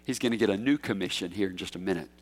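Emphatic preacher in a reverberant hall. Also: male voice, low voice, rapid-fire. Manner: emphatic, rises to loud peaks when quoting scripture. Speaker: pastor. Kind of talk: expository sermon.

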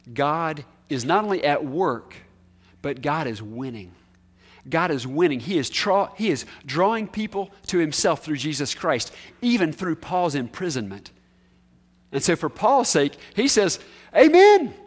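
A man preaching a sermon, talking to his listeners and asking them questions, swinging between raised emphatic highs and hushed lows. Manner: conversational, asks the listeners questions.

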